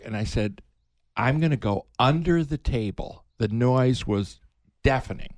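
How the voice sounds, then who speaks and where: An older man, a veteran broadcaster, telling animated stories in a casual interview, his voice jumping up when excited. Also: a little slow, no echo. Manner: animated storyteller, pitch jumps up when excited. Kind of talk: reminiscing in casual conversation.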